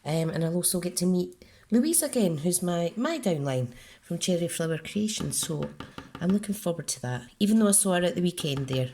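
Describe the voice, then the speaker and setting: A woman's voice: lowish voice, animated, fairly quick, dark tone, a little hiss or hum. A woman with a Scottish accent, chatting her way through a card-making tutorial and talking herself through each step. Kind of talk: casual crafting tutorial.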